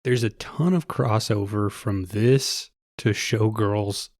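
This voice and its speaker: A man's voice: fairly low pitch, steady tone, takes it slowly, darkish tone, dry recording, clean studio sound. A man who is a podcast guest, talking in casual, comedic chat in a laid-back way and laughing between remarks.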